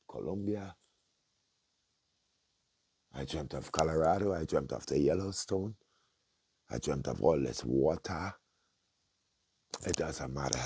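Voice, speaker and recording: A man calling himself a prophet, praying and preaching intensely, repeating himself and swinging from hushed prayer to loud denunciation. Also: slight background noise. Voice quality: very deep, gravelly and husky. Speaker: self-styled prophet.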